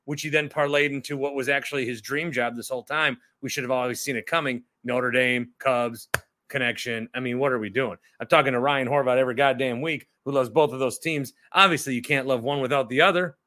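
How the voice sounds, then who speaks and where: A man's voice: mid-range voice, steady tone, fairly quick, fairly bright tone. A man hosting a sports talk show, ranting in a casual, indignant and profane way, often repeating himself and turning sarcastic.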